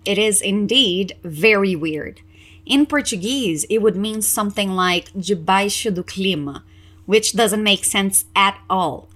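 A woman teaching English in a podcast lesson, explaining clearly and encouraging listeners to repeat out loud. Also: medium pitch.

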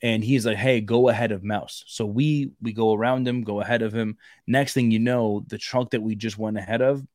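A man on a podcast, telling a long story in casual chat, rambling and full of fillers, growing loud when he acts out shouting. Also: fairly low pitch, fairly even intonation, moderate pace, hardly any pauses, no echo. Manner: rambling, repeats fillers like "like" and "bro". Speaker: podcast co-host.

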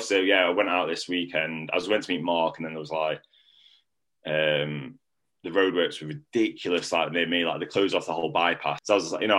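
A young man talks with a low, deep voice. He rambles through a casual story, leaning hard on filler words as he goes. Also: a bit bright.

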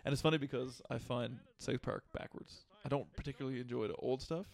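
A man's voice: medium pitch, fairly even intonation, fast talker, creaky. A man co-hosting a podcast, chatting casually, swearing freely and laughing often. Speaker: podcast co-host. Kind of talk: casual chat.

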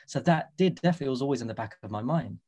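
A man's voice: mid-range voice, expressive, very fast, mellow. A man in his thirties with a London accent, a podcast guest earnestly telling his story and acting out the dialogue he quotes. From England. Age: 30s. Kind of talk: casual podcast interview.

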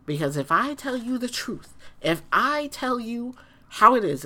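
A woman's voice: a little high, big pitch swings, measured pace, pushed and bright. A woman in a casual ranting monologue, blunt and emphatic, who repeats her points and swears freely.

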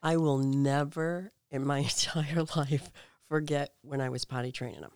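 Low-voiced middle-aged woman telling stories. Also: normal speed, clean tone, no echo, studio quality. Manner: lively, laughing storyteller. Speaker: guest. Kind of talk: casual storytelling chat.

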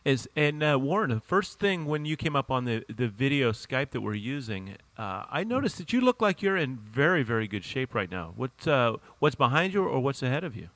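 A man co-hosting a casual podcast, joking and animated, often restarting his sentences. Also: medium pitch, normal speed, few pauses, no room sound. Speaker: podcast co-host.

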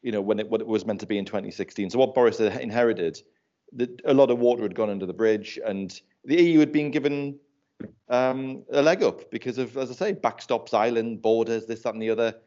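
A man's voice: medium pitch, a little fast, warm tone. A man in a casual panel chat, talking loosely and laughing while he tells anecdotes. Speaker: panel guest. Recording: dull lo-fi sound.

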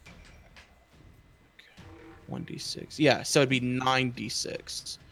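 A man's voice: mid-range voice, fairly even intonation, takes it slowly, creaky, fairly bright tone, faint music behind. A man playing a tabletop game who thinks aloud, counts dice under his breath and cracks jokes. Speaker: player. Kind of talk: casual tabletop game chat.

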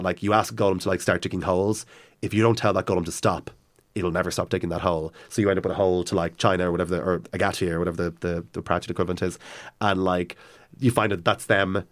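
A man in casual chat, retelling stories with enthusiasm and plenty of fillers and restarts. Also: deep voice.

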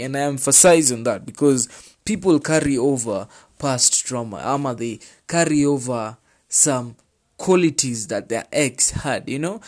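A man's voice: mid-range voice, darkish tone. A man with a Kenyan accent, chatting casually as he reads out and comments on relationship advice. He repeats his points for emphasis and slips into Swahili slang. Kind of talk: casual chat reading out viewer advice.

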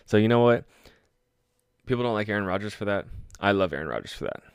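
Solo sports host, male, deep voice, dry close-mic sound, loose and profane. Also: fast, clean tone, dry recording. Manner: excitable, swears freely, laughs at own stories. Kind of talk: casual solo sports talk.

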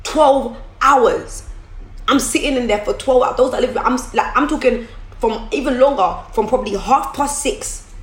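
A woman's voice: a little high, normal speed, reverberant, poor audio. A woman talking candidly to her viewers about running her business, often repeating and restarting as she goes. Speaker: business owner vlogger. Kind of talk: casual motivational talk to camera. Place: room at home.

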